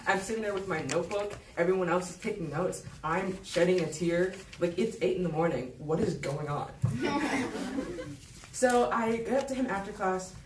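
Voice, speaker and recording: A woman's voice: on the low side, moderate pace. A young woman telling a personal story at a live story slam, self-deprecating and laughing between lines. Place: event hall with a live audience. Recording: echoey hall, distant mic, noisy.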